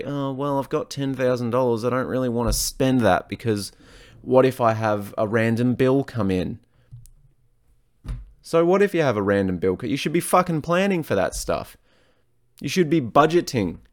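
A man, a fitness coach, talking alone on his podcast in a blunt, profane, rambling way. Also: mid-range voice. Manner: blunt and profane, frequent swearing; rambling, self-correcting, off on tangents. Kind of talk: solo podcast monologue.

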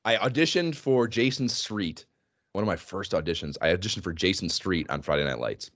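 A man co-hosting a casual gaming podcast, animated and laughing often as he tells stories. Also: deep voice, a little fast, dry recording, studio quality. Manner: animated, laughing, swearing freely. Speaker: podcast co-host.

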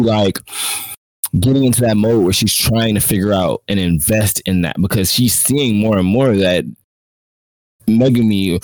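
A man's voice: fairly low pitch, darkish tone. A man co-hosting an anime talk podcast, talking in a laid-back, slangy way. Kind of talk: casual chat.

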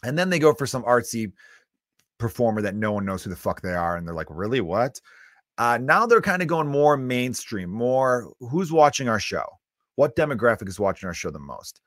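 A man's voice: medium pitch, big pitch swings, fairly quick, a bit bright, no room sound, clean studio sound. A man in his thirties hosting a solo comedy podcast, ranting bluntly with lots of swearing. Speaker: podcast host.

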